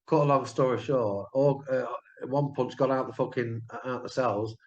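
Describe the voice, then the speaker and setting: A man's voice: medium pitch, normal speed. A man from Lincoln, a panel member telling a blunt, sweary story in casual chat. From Lincoln, England. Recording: roomy, dull lo-fi sound.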